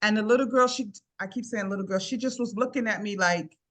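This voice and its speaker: A middle-aged woman tells a personal story in an earnest, conversational way, looping back with "I said" again and again. Her voice sits at an ordinary pitch for a woman. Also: fast talker. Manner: repeats "I said" often, warm earnest retelling. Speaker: guest sharing a personal story. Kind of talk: casual storytelling.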